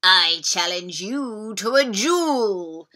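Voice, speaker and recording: A woman voicing a loud, greedy male tyrannosaurus in a storybook read-aloud, booming with over-the-top menace. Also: expressive, extremely slow, full character voice. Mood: menacing.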